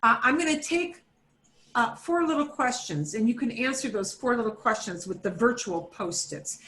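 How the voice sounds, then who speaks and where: A woman's voice: fairly high pitch, animated, moderate pace, a bit bright. A woman teaching a beginner Spanish class over a video call, chatty and repetitive, with fillers and self-corrections, switching between English and Spanish. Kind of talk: online class instruction.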